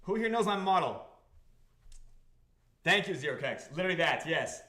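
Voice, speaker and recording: Excitable, profane man, high bright voice. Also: moderate pace, echoey room, a little hiss or hum. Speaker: crypto project host. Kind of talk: livestream talk to a chat audience.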